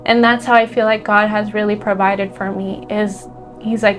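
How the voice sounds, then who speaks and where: A woman's voice: mid-range voice, flat delivery, unhurried, faint music behind. A woman spiritual teacher, emotional and close to tears, talking earnestly about faith and trust with many fillers and restarts. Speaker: spiritual teacher and energy healer. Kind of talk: heartfelt spiritual talk to camera.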